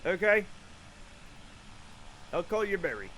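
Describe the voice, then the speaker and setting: Rambling, swearing man streamer, high and lively. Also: slow pace, poor audio. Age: late 40s. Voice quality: rambling, profane, self-mocking. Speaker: live streamer. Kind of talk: casual live-stream chat.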